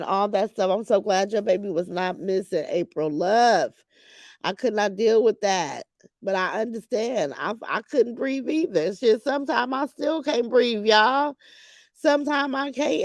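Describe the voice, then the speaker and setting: A woman's voice: mid-range voice, no room sound. A middle-aged woman hosting a livestream, chatting candidly with viewers and reading their comments, emotional and open about grief. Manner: emotional, candid, swings from grief to loud laughter. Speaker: livestream host.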